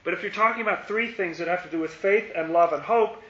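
A man's voice: high-pitched, fast talker, a bit bright. A man leading an informal Bible study, thinking aloud and asking rhetorical questions. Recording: roomy, dull lo-fi recording.

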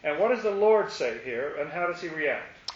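A man leads a Bible study in an animated way, asking questions and acting out the crowd's lines. His voice is on the high side at a moderate pace, captured in an echoey, muffled room recording with faint hiss.

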